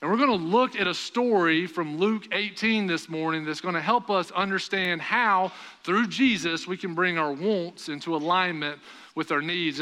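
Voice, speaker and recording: A young man preaching a sermon, telling a story with animated storytelling and raised voices for the dialogue. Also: high-pitched. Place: church sanctuary. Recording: long hall reverb.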